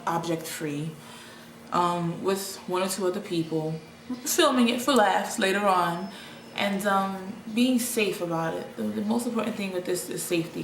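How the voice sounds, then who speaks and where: A young adult woman talking in a casual, rambling vlog monologue, with many restarts. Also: lowish voice. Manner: rambling, chatty, with frequent restarts and laughs. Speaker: vlogger. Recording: echoey room with faint ambient noise.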